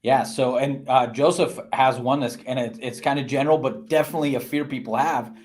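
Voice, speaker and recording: A man's voice: mid-range voice, steady tone, brisk, darkish tone. A man hosting a podcast, passing audience questions to his guest. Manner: relays audience questions, brief agreements. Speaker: podcast host. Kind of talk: podcast interview.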